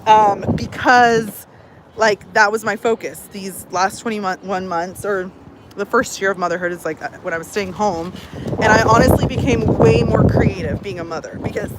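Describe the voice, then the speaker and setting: A woman's voice: medium pitch, fairly even intonation, moderate pace, very noisy. Bubbly chatty woman on a livestream. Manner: bubbly, chatty, many fillers. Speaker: personal growth coach. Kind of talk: casual livestream chat.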